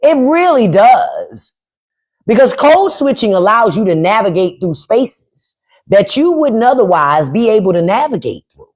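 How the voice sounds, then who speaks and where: A woman hosting a livestream with casual comedic commentary in African American English, profane and animated, often acting out other people's voices. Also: medium pitch. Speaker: podcast host. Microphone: phone or desk mic on a livestream.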